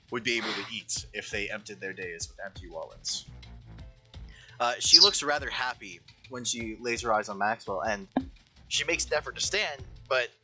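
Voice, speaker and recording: A man's voice: on the low side, pushed and bright. Game master man narrating over music. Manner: halting, many restarts and fillers. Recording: music playing behind.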